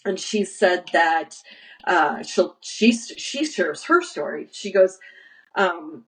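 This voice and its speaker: A woman's voice: lowish voice, lively intonation, takes it slowly, a bit bright, rough recording. A woman guest in an interview, telling stories earnestly with lots of restarts and acted-out quotes. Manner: earnest storyteller, acts out quoted dialogue, many restarts. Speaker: guest, nursery founder. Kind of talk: conversational interview.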